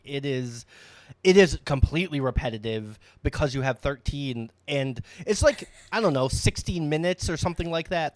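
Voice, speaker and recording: A man's voice: mid-range voice, no room sound. A man co-hosting a podcast, telling anecdotes in casual chat, laughing and swearing. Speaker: podcast co-host.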